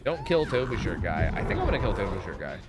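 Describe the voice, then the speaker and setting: Animated young male streamer. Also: fairly low pitch, fast, heavy background noise. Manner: chatty, swearing, lots of "like" and restarts. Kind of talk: casual gameplay commentary.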